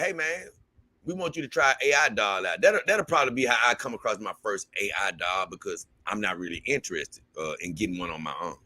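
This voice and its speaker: A man's voice: mid-range voice, dry recording. A man hosting his own channel, reading out viewer comments in a casual, drawling way full of fillers. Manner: relaxed, drawling, with many fillers. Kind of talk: casual livestream chat.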